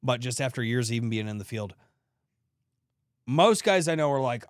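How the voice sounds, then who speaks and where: A man's voice: mid-range voice, animated, moderate pace, long pauses, no room sound, studio quality. A man in his thirties co-hosting a comedy podcast, telling rambling stories, swearing and acting out his own grumbling. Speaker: podcast co-host. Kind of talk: casual comedic storytelling.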